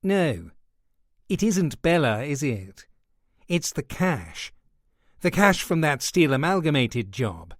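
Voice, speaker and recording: A man's voice: a little high, big pitch swings, slow pace, no room sound, studio quality, exaggerated voice. Man doing a sly, sour club boss. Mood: suspicious. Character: sour, scheming male nightclub boss.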